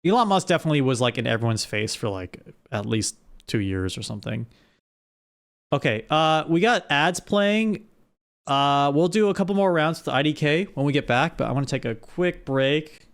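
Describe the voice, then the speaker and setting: Guy streamer chatting w his chat, kinda high voice, rambly, keeps restarting sentences. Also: lively intonation, moderate pace. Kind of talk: casual chat with a live audience.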